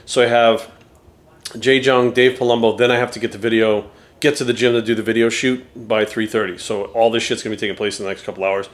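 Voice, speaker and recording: Profane, excitable young guy vlogging. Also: fairly low pitch, quick pace. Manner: profane and excitable, talks baby talk to his dog. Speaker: bodybuilding coach and vlogger. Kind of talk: casual vlog chat.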